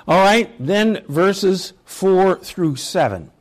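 A man leads a Bible study with a slightly raised pitch. He talks slowly, retelling scripture stories in a reflective way and reading passages aloud with steady pauses. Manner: slow, reflective storytelling with chuckles. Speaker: Bible teacher.

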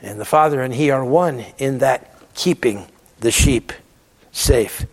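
A man's voice: medium pitch, unhurried, big-room sound. A man giving a Bible lecture, emphatic and repeating words to stress his points. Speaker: theology lecturer.

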